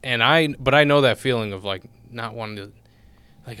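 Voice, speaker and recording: A man guesting on a comedy podcast, joking about himself in a deadpan, self-deprecating way. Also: medium pitch, moderate pace, clean tone, dry recording. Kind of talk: casual comedic podcast chat.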